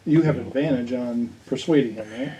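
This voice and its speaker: A man's voice: mid-range voice, a little fast, mellow, dull audio, a little hiss or hum. A man running a tabletop game as dungeon master, narrating enemy actions in an easygoing way.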